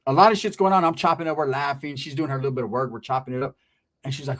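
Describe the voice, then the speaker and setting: A man telling a long comic story, animated and full of street slang and swearing. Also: mid-range voice, fast talker. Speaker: comedian. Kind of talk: stand-up storytelling.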